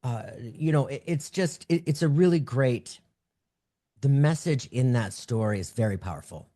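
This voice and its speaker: A man's voice: mid-range voice, animated, normal speed, dark tone. A man hosting an interview over a video call, affirming his guest and hesitating with "um" and "uh". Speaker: podcast host, medium. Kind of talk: interview chat.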